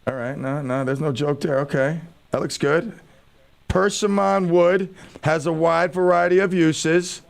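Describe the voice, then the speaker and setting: A man's voice: a little high, measured pace, gravelly. A man hosting a radio talk show, bantering in a joking, self-mocking way into a studio microphone.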